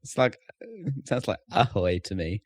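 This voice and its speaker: A man's voice: mid-range voice, very animated, a little slow, slightly rough, no room sound. A British man co-hosting a casual gaming podcast, answering in short, dry remarks. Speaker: podcast co-host. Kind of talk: casual chat.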